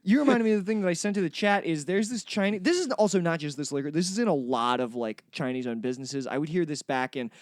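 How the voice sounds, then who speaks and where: A man's voice: fairly high pitch, expressive, fast, hardly any pauses, dry recording, clean studio sound. A young man in casual comedic podcast chat, crude and rambling, laughing often. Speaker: podcast co-host.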